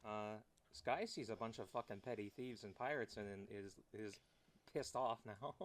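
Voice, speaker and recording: Low-voiced joking male player. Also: unhurried. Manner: casual, joking, swears freely. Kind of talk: tabletop role-play.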